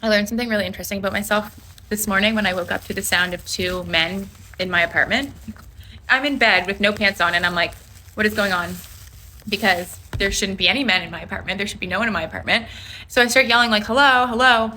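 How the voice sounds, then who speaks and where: A woman telling an anecdote to camera with an exasperated, animated delivery. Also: mid-range voice, fast talker, a little hiss or hum. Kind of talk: storytelling to camera.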